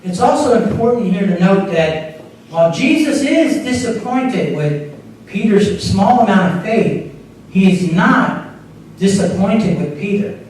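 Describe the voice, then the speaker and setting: High-voiced pastor preaching in an echoey sanctuary. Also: male voice, a little mellow, a little hiss or hum. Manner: conversational preaching with small repeats and restarts. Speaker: associate pastor. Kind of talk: sermon. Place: church sanctuary. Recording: echoey room picked up from far off.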